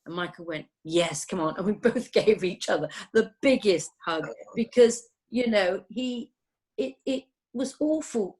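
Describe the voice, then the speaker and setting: A woman nurse chatting casually, telling stories in a rambling, animated way. Her voice sits a little low. She drifts from one tale to the next. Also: husky. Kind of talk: casual chat.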